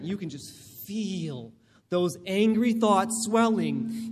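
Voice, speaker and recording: A male pastor giving a sermon in a conversational, animated way, often checking in with the congregation. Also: high voice, slow pace, slightly rough, long reverb tail. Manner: acts out scenarios in other people's voices.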